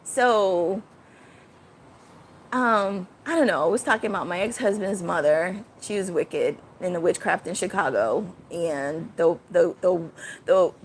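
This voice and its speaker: A woman hosting a casual livestream, rambling and chatty, breaking off to greet viewers with sudden high exclamations. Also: a little slow, slight background noise. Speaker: livestream host.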